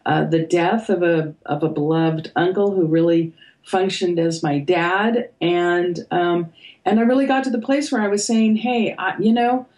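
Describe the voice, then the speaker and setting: An older woman, an author and podcast guest, talking reflectively and pausing with fillers as she thinks. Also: on the low side, steady tone, poor audio. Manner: thoughtful, hesitant, with fillers and soft laughs. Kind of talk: reflective conversation.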